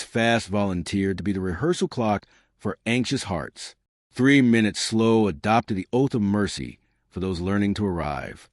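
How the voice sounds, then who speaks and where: Low, lively man narrating a lyrical tale. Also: dry recording, studio quality. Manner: slow, lyrical, measured delivery. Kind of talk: scripted narration.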